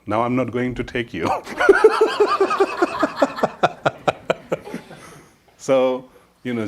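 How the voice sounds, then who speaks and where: Slow, easygoing male Buddhist teacher. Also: mid-range voice, a little mellow, a little hiss or hum. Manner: easygoing, humorous storytelling with many "you know" fillers. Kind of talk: dharma talk to a live audience.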